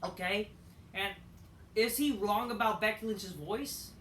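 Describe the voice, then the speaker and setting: A woman's voice: mid-range voice, measured pace, a bit bright. A woman ranting at home in casual commentary, rambling, repeating herself, swearing and restarting sentences. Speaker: wrestling commentary vlogger. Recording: roomy echo, distant from mic, faint noise.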